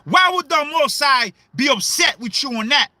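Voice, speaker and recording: A man preaching in a livestream sermon, questioning his listeners, repeating himself and breaking into shouts. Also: very high-pitched, lively intonation, normal speed, dry recording.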